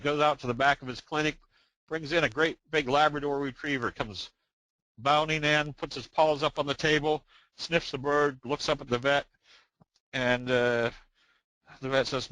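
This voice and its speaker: A man's voice: mid-range voice, fairly even intonation, moderate pace, bright, forceful tone, no echo, low-quality recording. An older man giving a trading webinar talk in a folksy way, with many fillers and a joke told in plain voices. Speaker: trading presenter. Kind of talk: webinar presentation.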